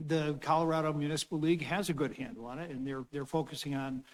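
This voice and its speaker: A man's voice: a little high, fairly even intonation, quick pace, big-room sound, low-quality recording. A man serving as city councilor, explaining a proposal in a rambling way full of fillers and restarts. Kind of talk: formal meeting talk. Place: council chamber.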